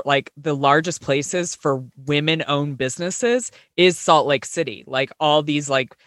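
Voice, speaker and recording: A man from Texas co-hosting a podcast, talking in a measured, explanatory way in casual chat. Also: on the high side, sharp tone, no room sound, clean studio sound. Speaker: podcast co-host.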